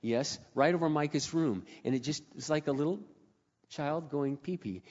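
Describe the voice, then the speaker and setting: A man telling a personal story in a sermon, animated, dropping to a hush and then rising to loud exclamations. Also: on the high side, moderate pace. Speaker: speaker. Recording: echoey hall, dull lo-fi sound.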